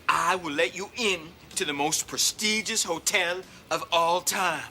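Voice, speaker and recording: A man putting on the voice of a smug, mysterious schemer who hands out strange orders in a deadpan sketch. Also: sits high, measured pace, a little hiss or hum, voice pushed up, heavily acted.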